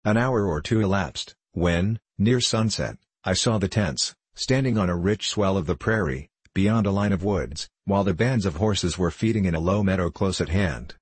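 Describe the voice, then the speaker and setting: A man reading a classic travel memoir aloud as an audiobook narrator, in a measured, even storytelling manner. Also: sits low, slightly rough, no room sound. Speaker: audiobook reader.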